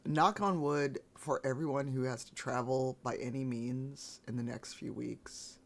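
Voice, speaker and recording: A man streaming live, chatting casually with viewers in a rambling, laid-back way, his voice gravelly this morning. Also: medium pitch, steady tone, unhurried, slight background noise. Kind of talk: casual chat.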